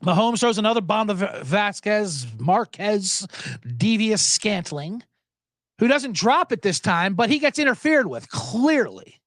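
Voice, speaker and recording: A man's voice: high voice, expressive, measured pace, fairly bright tone, no echo. A man hosting a sports podcast, ranting with profanity, chuckling asides and plenty of energy. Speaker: podcast host. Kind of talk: profane sports commentary rant.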